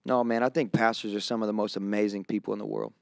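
A man's voice: fairly low pitch, fairly even intonation, fast talker, vocal fry, darkish tone, no room sound, studio quality. A man, a pastor and church planter, talking in a casual podcast conversation, laid-back and calling people "man" and "bro".

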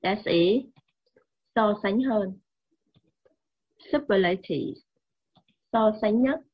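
A woman with a Vietnamese accent teaching English grammar slowly and repeating key words. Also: medium pitch, slightly rough, lo-fi sound. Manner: slow, repetitive, mixes languages. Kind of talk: classroom grammar lesson.

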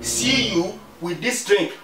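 A man's voice: high voice, takes it slowly, noisy background. A man with a Nigerian accent playing a stern, mocking father who scolds his grown son with laughing jabs. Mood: scolding. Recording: echoey room, mic far off, music behind.

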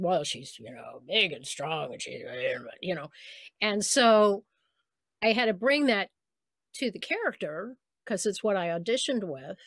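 An older woman speaking as a guest in a casual interview, looking back on her voice work in a thoughtful, storytelling way. Her voice sits at a middle pitch and sounds close and dry, with no room around it. She laughs lightly now and then as she talks. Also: fairly bright tone, dry recording. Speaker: voice actress guest.

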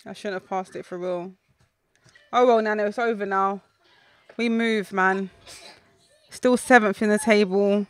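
A young woman reacting out loud while playing a football video game, shouting, groaning and talking to people in the room. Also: mid-range voice, no echo. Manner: talks back to people in the room. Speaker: gaming YouTuber.

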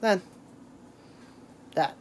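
A woman's voice: extremely slow, a little hiss or hum. A woman, chatting in a casual, rambling vlog, full of laughing asides and "hashtag" quips. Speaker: daily vlogger.

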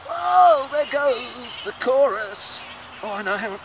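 A high-pitched man rambles through an improvised monologue, lurching from low muttering to loud chanted hooks. He sounds erratic and unscripted. The recording is outdoors with clear traffic and street noise behind him. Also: animated, slow. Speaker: performer in an experimental film.

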